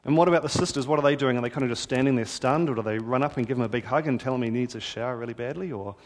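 A man's voice: mid-range voice, racing. A man preaching a sermon in a conversational, wry storytelling manner. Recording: hall reverb.

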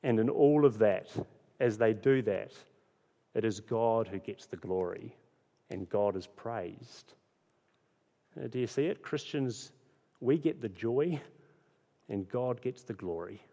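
A man's voice: lowish voice, slow pace, pauses often, dark tone. A man preaching a sermon as pastor, earnest and repeating key phrases for emphasis. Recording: long hall reverb.

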